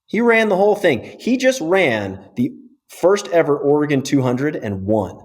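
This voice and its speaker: A man, a physiotherapist guest on a podcast, explaining breathing in an energetic, casual way and often checking in with "right?". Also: fairly high pitch, a little slow. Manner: energetic, keeps tagging points with "right?".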